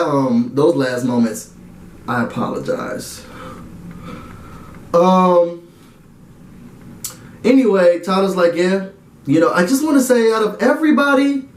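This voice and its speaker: A man's voice: sits high, reverberant. A man giving a casual recap and review of a reality show, dramatic and slangy, talking straight to his viewers. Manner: animated, dramatic and slangy, talks to viewers directly.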